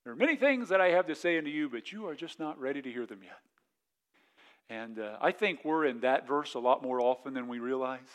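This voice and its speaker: Preaching to his congregation, this male pastor reads scripture at a slow pace, then presses his argument through repetition and rhetorical questions. He speaks at a medium pitch and sounds expressive.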